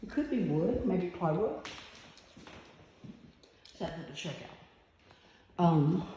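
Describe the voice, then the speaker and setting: A woman with a warm, relaxed tone gives a casual walkthrough of an empty house, recorded on a handheld phone. She talks in an easygoing way, trails off and fills gaps with "um" while she works things out. The bare rooms add a roomy echo, with a faint hiss underneath. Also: lowish voice. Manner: chatty and unsure, thinking aloud with many fillers. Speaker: real estate agent giving a property tour.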